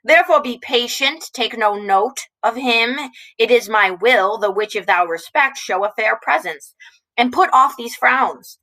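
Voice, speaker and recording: A woman's voice: fairly high pitch, unhurried, pushed and bright, low-quality recording. A woman reading the lines of an older male head of household, firm and commanding, in a raised voice.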